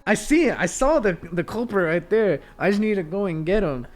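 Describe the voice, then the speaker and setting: A man's voice: high-pitched, lively intonation, brisk. A young man, a podcast co-host, casually retelling a dream and acting out his own lines. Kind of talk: casual chat. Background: faint background music.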